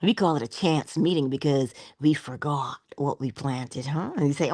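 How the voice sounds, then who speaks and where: A woman giving a spiritual motivational talk in a soft-spoken way, often dropping into whispers, with playful, affectionate asides. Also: sits low, moderate pace, hardly any pauses, dry recording, studio quality. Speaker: inspirational speaker.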